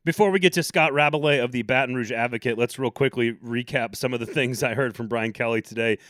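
A man's voice: mid-range voice, fast, a bit bright, no room sound, clean studio sound. A man hosting a sports podcast, chatting casually with opinionated, joking asides. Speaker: podcast host.

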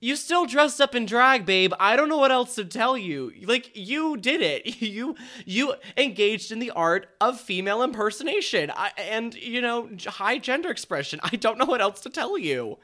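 A man co-hosting a podcast, chatting in an animated way with drag slang and frequent laughs. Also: very high voice, normal speed, hardly any pauses. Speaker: podcast co-host. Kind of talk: casual chat.

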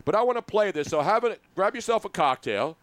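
An animated man hosts sports talk radio, teasing his guest and rambling along. His voice sits a bit high, and the studio sound is close and dry. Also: fairly quick, no room sound. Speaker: radio host.

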